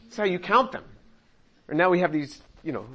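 An older man with a high voice leads a Bible study, talking through the verses in a conversational way. He acts out the voices he quotes and slips in small chuckles. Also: animated, fairly quick, fairly bright tone, dull audio. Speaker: Bible teacher and chemist.

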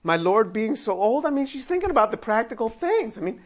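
A man preaching through a Bible passage, animated, laughing often and acting out the quoted lines in voices. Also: very high voice, fast, few pauses, muffled recording. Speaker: pastor. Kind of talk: expository sermon reading and commenting on scripture.

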